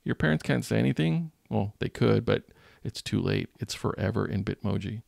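A man's voice: lowish voice, animated, moderate pace, vocal fry, darkish tone, dry recording, studio quality. A man who teaches, talking through a screen-recorded design tutorial in a jokey, self-mocking way while he thinks aloud. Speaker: teacher and channel host.

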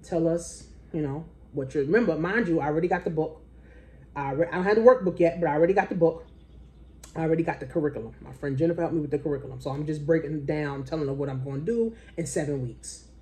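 A woman, a business coach, telling a story in a casual way. She swears freely and jumps into a high, excited voice when she quotes people. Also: fast talker.

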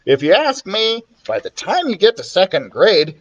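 Lively man reading a storybook aloud. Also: moderate pace, hardly any pauses, muffled recording. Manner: expressive, voices the characters with big pitch swings. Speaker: children's librarian reading aloud.

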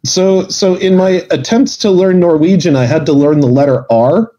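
A man's voice: high-pitched, moderate pace, lo-fi sound, noisy background. Easygoing man with a general American accent. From New England, USA. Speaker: guest. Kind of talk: casual conversation.

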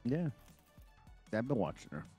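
A man chatting with friends over a game, his voice jumping up and down in lively swings as he jokes around. He talks casually into a desk mic with faint game music behind him. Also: mid-range voice, moderate pace, slightly rough. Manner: playful, jokey, swings between loud and quiet. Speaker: gaming friend. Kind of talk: casual gaming chat.

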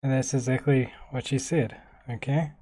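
A man talking casually while demonstrating software on his computer, thinking aloud in a relaxed, chatty way. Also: mid-range voice, moderate pace, breathy edge. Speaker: tech vlogger. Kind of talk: casual screen-recorded tech demo.

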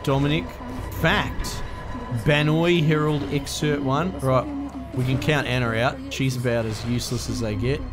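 Crude jokey gamer. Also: male voice, mid-range voice, fairly even intonation, moderate pace. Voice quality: crude, jokey banter with swearing. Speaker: gaming host. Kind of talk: let's play commentary. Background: game music.

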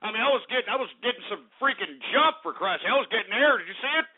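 Rowdy high-pitched male radio host. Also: lively intonation, rapid-fire. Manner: rowdy, yelping, cursing, out of breath from stomping. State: out of breath. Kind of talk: comedic talk radio rant. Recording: tinny phone-like radio audio with faint music.

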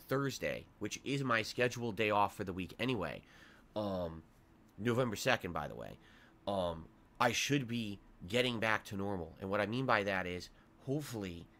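A man's voice: on the low side, sharp tone. A man with a congested nose giving viewers a rambling, complaining update on his illness. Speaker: streamer. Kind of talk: sick-day update to viewers.

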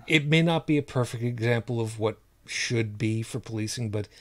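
A man's voice: medium pitch, normal speed, a bit bright. A man co-hosting a podcast in casual chat, rambling and repeating words as he hunts for what to say. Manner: rambling, repeats words while searching for them. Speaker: podcast co-host.

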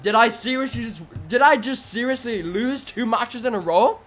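A man with a high voice gives loud, excitable play-by-play as he plays a video game. He swings between low groans and sudden shouts, swears casually and says many lines twice. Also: moderate pace, faint music behind. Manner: swears casually and repeats phrases. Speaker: gaming video host. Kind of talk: excited let's-play commentary.

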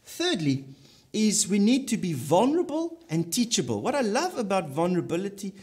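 A man's voice: sits high, big pitch swings, moderate pace, darkish tone. A man preaching a sermon as pastor, repeating key phrases for emphasis.

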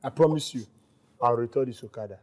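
A man's voice: mid-range voice, fast talker, a little mellow, lightly acted. A man playing a pleading okada rider husband in a comedy skit, speaking with a Nigerian Pidgin accent in a coaxing tone.

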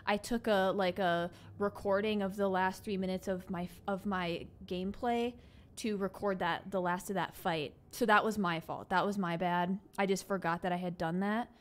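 A woman streaming a video game, chatting casually with her viewers and reacting excitedly to the fight. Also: mid-range voice, moderate pace. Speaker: gaming streamer. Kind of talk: casual live gameplay commentary.

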